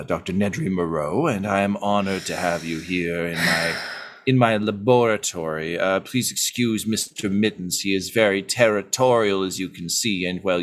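A man's voice: low-pitched, fairly bright tone. A man voicing a smarmy, scheming male mad scientist who talks in chummy, wheedling patter.

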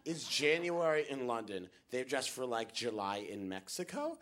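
A man telling a comic story on stage, animated and acting out the people he meets. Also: medium pitch, normal speed. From United States. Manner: animated, acts out the people in his story with big voices. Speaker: stand-up comedian.

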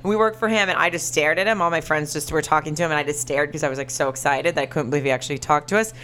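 A woman in her thirties, co-hosting a podcast, telling a story in a casual chat. She laughs a lot and jumps up high when she quotes people. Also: rapid-fire, a bit bright, a little hiss or hum. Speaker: podcast co-host.

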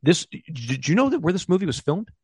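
A man's voice: fairly high pitch, sing-song, a little fast, a little mellow, husky, no echo. A man co-hosting a casual sports podcast, rambling enthusiastically with many restarts. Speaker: co-host.

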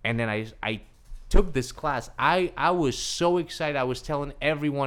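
A man being interviewed as a guest, telling a personal story in an excitable way and acting out the dialogue he quotes. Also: on the high side, normal speed, clear, resonant tone.

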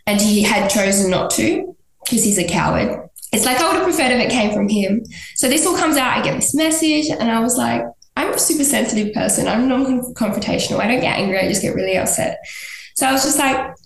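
A woman guest on a podcast, telling a personal story in an animated way and jumping high in pitch when she quotes people. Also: fairly quick, vocal fry. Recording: echoey room.

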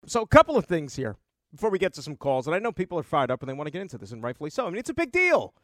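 Emphatic high-voiced sports radio host. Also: male voice, wildly swooping pitch, very fast, no room sound, clean studio sound. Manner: emphatic, argumentative, repeats points for effect. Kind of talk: sports talk radio monologue.

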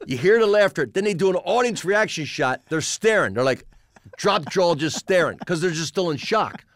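An older man, a stand-up comedian and podcast guest, telling backstage stories in lively chat and slipping into lower, quieter voices for the people he quotes. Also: moderate pace. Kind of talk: storytelling anecdotes in podcast chat.

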